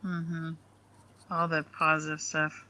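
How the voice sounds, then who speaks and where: A woman on a casual online panel, agreeable and rambling as she thinks out loud. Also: low voice, monotone, takes it slowly, a little hiss or hum, low-quality recording.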